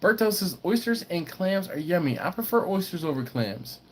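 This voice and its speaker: A man's voice: high voice, moderate pace, slight background noise. A middle-aged man, hosting a casual livestream and telling stories while reading viewer comments aloud. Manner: storytelling, reads chat aloud, animated when excited. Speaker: BBQ channel host.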